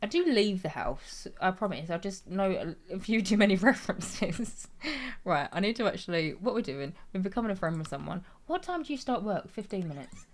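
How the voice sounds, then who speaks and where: A woman's voice: lowish voice, lively intonation, fairly quick, slight background noise. A woman, streaming a game and chatting in a giggly, rambling way. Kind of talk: casual gameplay commentary.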